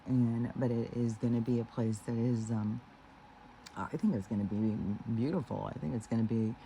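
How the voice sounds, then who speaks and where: Rambling, mellow-voiced man musing on spirituality. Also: medium pitch, steady tone, gravelly, a little hiss or hum, rough recording. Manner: meandering, heavy with fillers and restarts; earnest, slows down on key phrases. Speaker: spiritual vlogger.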